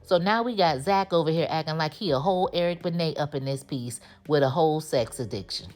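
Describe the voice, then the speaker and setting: A woman's voice: deep voice, brisk, darkish tone, soft background music. A woman giving a casual, sassy recap of a TV episode, acting out the characters' lines. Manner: chatty, sassy storytelling that acts out the characters' lines. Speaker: TV recap host.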